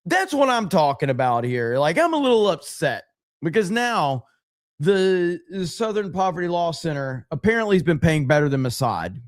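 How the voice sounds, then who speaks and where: A man's voice: a little high, very animated, moderate pace. A man hosting a casual livestream podcast, laughing often and rambling as he reads out viewer messages. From United States.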